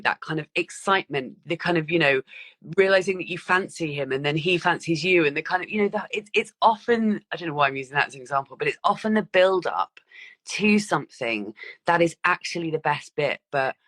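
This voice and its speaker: A woman's voice: lowish voice, fairly bright tone. Thoughtful rambling woman co-host. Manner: thoughtful, rambling with many "you know" and "kind of" fillers. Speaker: podcast co-host. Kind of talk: casual reflective chat.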